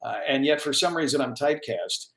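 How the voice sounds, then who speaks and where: A man, a radio news anchor, telling stories as a guest in a casual interview, animated and self-deprecating with plenty of restarts. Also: mid-range voice, brisk. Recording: roomy echo on the voice.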